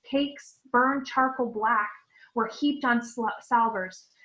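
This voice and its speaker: A woman teacher reading a storybook aloud to children, expressive and clear. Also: on the high side, slow, highs cut off.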